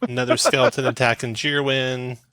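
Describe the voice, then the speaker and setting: A man running a tabletop game as game master, quick and chatty, laughing often. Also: mid-range voice, level tone, sharp tone, dry recording.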